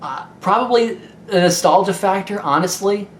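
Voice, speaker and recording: A man's voice: high voice, normal speed. A young man from Ohio with a Midwestern American accent, a gaming YouTuber answering viewer questions in a rambling, candid way with lots of fillers. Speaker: YouTube gaming video maker. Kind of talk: casual Q&A vlog. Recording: echoey room with faint noise.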